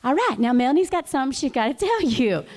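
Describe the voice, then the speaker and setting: A stern southern mother barks clipped, bossy orders in a Southern US accent, as a woman puts on her mom's voice. The pitch jumps high when she scolds. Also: sing-song, fast, a little mellow, long reverb tail.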